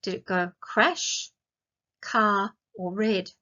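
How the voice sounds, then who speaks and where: An Australian woman teaching a grammar lesson to young children, speaking slowly and clearly and asking lots of questions. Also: medium pitch, pushed and bright. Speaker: primary school teacher. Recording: dull lo-fi sound.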